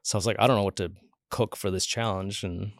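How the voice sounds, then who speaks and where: A man in his forties, guesting on a podcast, tells stories in a casual, chatty manner, voicing the people he quotes and peppering his speech with "like." His gravelly voice sits fairly low, with fairly even intonation and a fast pace. The studio-quality recording has no room sound.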